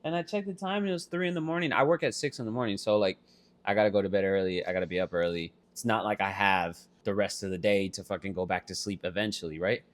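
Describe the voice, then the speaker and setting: A man's voice: lowish voice, quick pace. A young man co-hosting a podcast with his sister, telling a story casually and swearing a lot. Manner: profane, animated storytelling. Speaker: podcast co-host.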